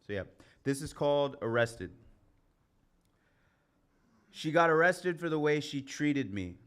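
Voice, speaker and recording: A man performing a confessional spoken-word poem at an open mic, in a measured delivery. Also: a little high, lively intonation, fairly bright tone, clear, resonant tone. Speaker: performing poet. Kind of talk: spoken-word poetry recital. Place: community center stage.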